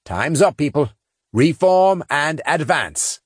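A gruff marine sergeant gives terse orders to his squad, read by a male narrator. The voice stays low and husky, only a bit raised from the reader's own, with a dry close sound. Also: lively intonation, measured pace, dry recording. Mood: commanding. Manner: commanding, terse.

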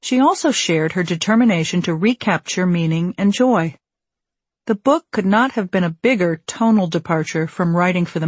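A woman reads a memoir aloud in a studio, her voice a touch husky and sitting on the low side. Her delivery is measured and wry, and the room around her sounds dry and close. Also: no echo. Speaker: audiobook narrator. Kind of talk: scripted memoir narration. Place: recording studio. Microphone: studio microphone.

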